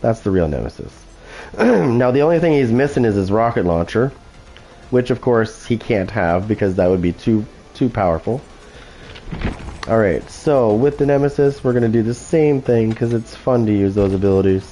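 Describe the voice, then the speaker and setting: A man's voice: on the low side, lively intonation, moderate pace, dark tone, poor audio. A man hosting gameplay commentary, taunting opponents with constant profane trash talk. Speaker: gaming channel host.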